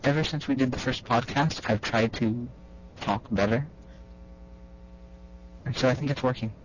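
A young man co-hosting a podcast from a small house in the early morning, talking quietly and hesitantly. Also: medium pitch, moderate pace. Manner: hesitant, soft-spoken. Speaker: podcast co-host. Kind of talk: casual chat. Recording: muffled, overseas call.

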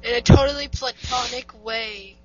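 A woman's voice: a little high, moderate pace. A young woman co-hosting a casual podcast, joking and teasing her co-host. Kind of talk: casual chat. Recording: muffled with light static.

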